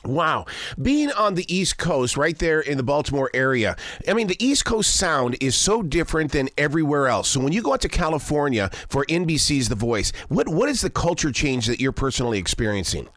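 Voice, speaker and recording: A man's voice: on the high side, big pitch swings, brisk, a bit bright, no room sound. A man hosting a casual interview, talking in a laid-back way and chuckling often. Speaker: interview host.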